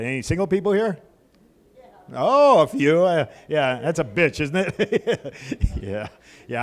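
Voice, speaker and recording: Lively crude middle-aged stand-up comic. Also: male voice, mid-range voice. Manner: crude, punchy delivery with crowd banter. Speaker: stand-up comedian. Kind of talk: stand-up comedy set. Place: comedy club stage.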